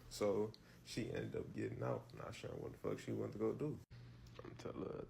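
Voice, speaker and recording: A man's voice: fairly low pitch, moderate pace, creaky, warm tone, a little hiss or hum. A man casually telling a personal story, loose and profane, with lots of fillers and repeated words.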